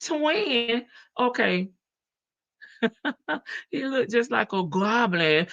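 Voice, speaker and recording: A woman's voice: on the high side, expressive, drawn-out words, creaky, pauses often, sharp tone, muffled recording. A woman hosting a casual livestream, chatty and sassy, laughing often and calling her viewers baby. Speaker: livestream host.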